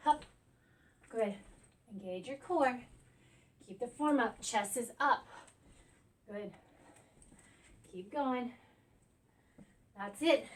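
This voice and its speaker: A woman in her thirties leading a workout while doing it, counting down reps and cheering between breaths. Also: a little high. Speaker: fitness instructor. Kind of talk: coaching a workout while exercising. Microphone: camera on a tripod at a distance. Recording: voice from a distance.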